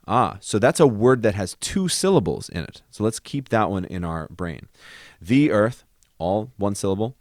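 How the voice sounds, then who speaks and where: Lively-voiced man teaching composition. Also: on the low side, moderate pace, no echo, clean studio sound. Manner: speaks lyrics aloud to find their rhythm; counts beats aloud over piano chords. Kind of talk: music composition lesson. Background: faint piano.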